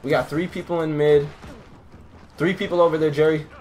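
A man's voice: fairly high pitch, steady tone, fairly quick, darkish tone, slight background noise. A young man giving live commentary over his own gameplay, talking to viewers, swearing, and getting hyped at his teammates. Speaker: gaming YouTuber.

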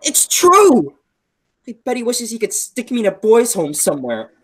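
A teenage student actress reading a sensitive, quick-tempered greaser boy over a video call, earnest and prone to outbursts. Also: fairly high pitch, sing-song, warm tone. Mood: heated. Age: teens. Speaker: student actor. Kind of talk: school play read over a video call.

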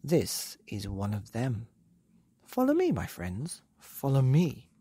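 A man voicing a clever, excited father monkey who gives eager commands. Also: medium pitch, slow pace, slightly rough, dry recording, heavily acted. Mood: urgent.

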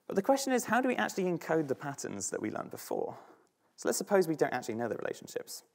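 A man's voice: a little high, huge pitch swings, quick pace. A man with a British accent giving an academic talk on slides, thinking aloud with frequent fillers and restarts. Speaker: student speaker.

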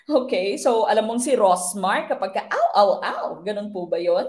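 A woman's voice: medium pitch, animated, moderate pace, a little mellow. A young adult woman with a Filipino accent teaches a live online exam review, switching between English and Tagalog and adding polite "po".

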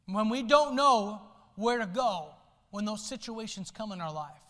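A male pastor preaching a sermon, swinging from soft low asides to loud shouted lines. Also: measured pace. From United States. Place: church sanctuary. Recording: long hall reverb in a church.

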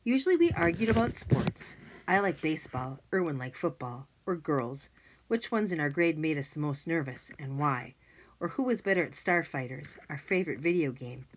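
A woman reads a children's audiobook aloud. Her voice sits a little low for a woman and moves a lot in pitch, giving an expressive, lively reading. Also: normal speed. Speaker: audiobook narrator. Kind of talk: scripted narration.

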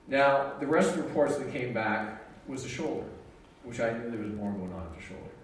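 A man telling a personal story to an audience in a lively, joking way, acting out what he and others said. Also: mid-range voice, a little hiss or hum. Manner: animated, jokey, quotes himself and others. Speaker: speaker sharing a personal story. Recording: echoey room, mic at a distance.

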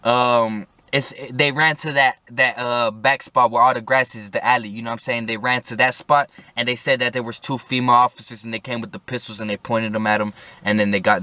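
A man's voice: mid-range voice, sharp tone, no echo. Young man telling a rambling story. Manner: rambling, slangy, swears and then apologizes, acts out quotes with a raised voice. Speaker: vlogger telling a personal story. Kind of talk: casual storytelling to camera.

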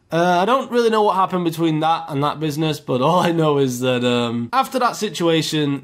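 Chatty young man telling a story. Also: a little high. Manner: rambling, chatty, many fillers. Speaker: YouTuber. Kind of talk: casual storytelling.

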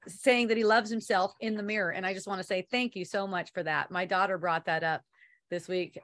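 A woman with a slightly high voice leads a relaxed online spiritual talk. She rambles loosely, laughs often and swears casually. Now and then she reads viewer comments aloud.

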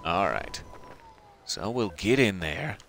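Low-voiced man rambling over gameplay. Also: expressive, slow pace, creaky, fairly bright tone, a little hiss or hum. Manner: rambling, self-deprecating asides. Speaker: gameplay commentator. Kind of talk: casual let's-play commentary.

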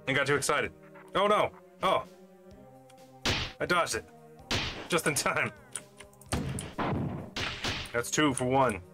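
Game music plays in the background as a gaming channel host jokes his way through a shooter, chatting to himself as he plays. His mid-range voice takes things slowly, with long pauses.

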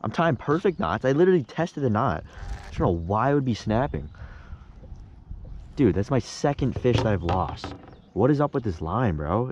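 Young male fishing vlogger, lowish voice, muffled lo-fi sound, casual and worked up, mild swearing. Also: a little hiss or hum. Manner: frustrated, excitable, swears mildly, says "bro". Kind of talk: casual on-the-water vlog. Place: kayak on a lake outdoors.

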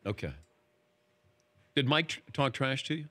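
Guy hosting a sports talk show, lively up and down voice, fires off questions. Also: medium pitch. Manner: quick, animated questioning. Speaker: host.

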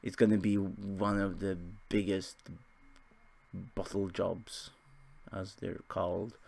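A man's voice: deep voice, level tone, slow, creaky, darkish tone. A young man casually commentating his football management game, rambling and joking at his own expense. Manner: rambling, self-deprecating, chuckling asides. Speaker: gaming video host.

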